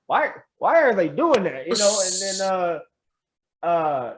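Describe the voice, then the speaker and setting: A young adult man, a pro wrestler guest on a podcast, telling his story in a loose, animated way with laughs and quoted asides. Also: sits high, slow pace, a crowd in the background, low-quality recording. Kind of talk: casual storytelling interview.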